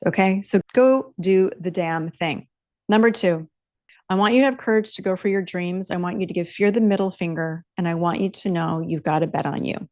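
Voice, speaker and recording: A woman's voice: mid-range voice, moderate pace, darkish tone. A woman in her fifties hosting a solo podcast, talking emphatically and bluntly, swearing freely and repeating her key phrases for punch. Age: 50s. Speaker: podcast host. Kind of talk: solo motivational podcast talk.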